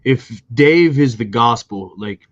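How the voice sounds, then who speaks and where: A man's voice: mid-range voice, expressive, takes it slowly, dull audio. A man co-hosting a wrestling podcast, chatting casually with loose, profane jokes. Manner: profane, joking, rambling. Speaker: podcast co-host. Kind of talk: casual chat.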